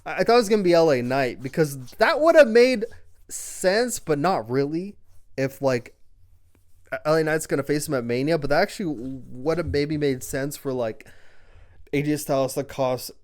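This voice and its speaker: A man's voice: on the high side, expressive, moderate pace. A man recapping a wrestling show in casual, rambling chat, full of fillers and offhand swearing.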